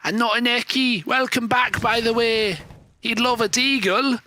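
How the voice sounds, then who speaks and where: A man's voice: very high-pitched, steady tone, unhurried, bright, forceful tone, a little hiss or hum, pitched above the performer's own voice, exaggerated voice. A man doing an exaggerated, shifting English regional accent while casting a game, calling players "mate" and "lad" in a brash, slangy way. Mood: cheeky. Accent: mixed English regional accents, put on. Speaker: esports caster. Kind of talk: comedic play-by-play commentary.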